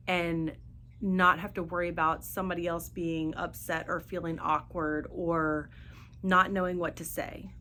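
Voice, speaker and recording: Middle-aged woman, podcast host, low voice, little rise and fall, halting, earnest, open about grief. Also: fairly bright tone, slight background noise. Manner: earnest, halting, searching for words; speaks openly of grief and faith. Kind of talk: personal monologue.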